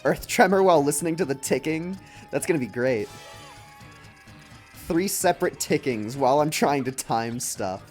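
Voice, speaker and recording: Brief: young male streamer, chatty gameplay commentary, lively pitch, faint game music underneath. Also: moderate pace. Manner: chatty, laughs often, drops in silly voices.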